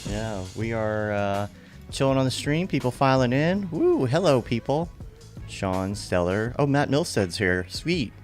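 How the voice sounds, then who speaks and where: A man's voice: mid-range voice, big pitch swings, a little slow, soft background music. A man hosting a podcast livestream, chatting casually and greeting listeners by name in a playful, upbeat way. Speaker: podcast host. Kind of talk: casual pre-show chat on a livestream. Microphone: remote call setup.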